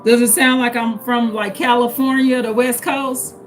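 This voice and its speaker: A woman's voice: fairly high pitch, fairly even intonation, normal speed, faint music behind, poor audio. A middle-aged woman from St. Louis with a St. Louis accent, hosting a casual live stream and chatting with viewers, repeating herself and calling people by name. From St. Louis, Missouri. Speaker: livestream host.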